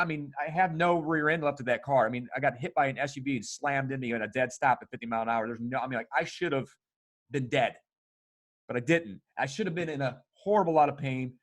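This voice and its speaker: Brief: higher-pitched middle-aged male host, emphatic, animated, salty language. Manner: animated, emphatic, swears freely. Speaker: podcast host. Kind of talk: casual conversation.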